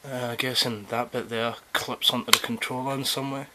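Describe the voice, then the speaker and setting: A man's voice: medium pitch, little pitch movement, fairly quick. A man chatting casually through an unboxing, rambling, swearing often and poking fun at himself. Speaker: vlogger unboxing a controller keyboard. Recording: noisy home recording.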